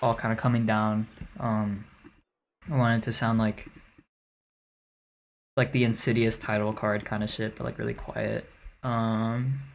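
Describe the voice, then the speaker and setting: A woman's voice: rumbling low, flat delivery, measured pace, creaky, long pauses, slight background noise. Rambling, swearing woman streamer. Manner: loose, rambling and profane, full of "like" and "um". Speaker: streamer walking through her own song mix. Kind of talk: casual livestream chat.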